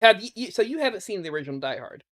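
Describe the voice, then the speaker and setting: Podcast host dude, super animated voice, rambles and swears a lot, sarcastic. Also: male voice, high-pitched, racing. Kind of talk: casual podcast chat.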